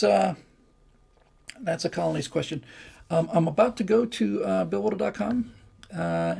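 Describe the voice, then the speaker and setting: A man's voice sits high, creaky and slightly rough, with a darkish tone, as he hosts a casual livestream. He rambles and chats while reading out viewer comments, restarting often and using lots of fillers.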